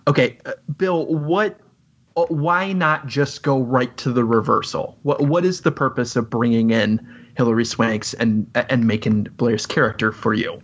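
A man's voice: mid-range voice, measured pace, husky. A man hosting a podcast, asking hesitant, polite questions about a film. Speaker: podcast host. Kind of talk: casual film discussion. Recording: dull, slightly lo-fi sound.

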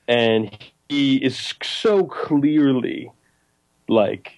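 A young man in casual conversation about a film, animated and full of fillers and restarts. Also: medium pitch, drawn-out words, low-quality recording. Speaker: podcast co-host discussing a film. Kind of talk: casual chat.

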